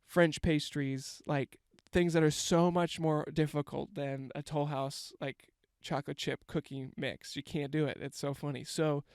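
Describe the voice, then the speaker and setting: A man's voice: fairly high pitch, fairly even intonation, a little slow, hardly any pauses, smooth, dry recording, clean studio sound. A man, telling a rambling, self-mocking comic story and swearing freely. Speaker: comedian. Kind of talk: casual comedic storytelling monologue.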